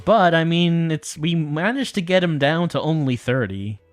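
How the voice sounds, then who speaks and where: A man streaming a game, reading its text aloud and commenting in a low-key, wry way. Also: expressive, moderate pace, faint music behind.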